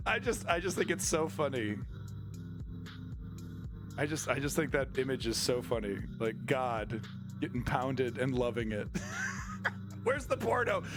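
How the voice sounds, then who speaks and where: A man commenting on news during a livestream, talking in a crude, irreverent and mocking way. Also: medium pitch.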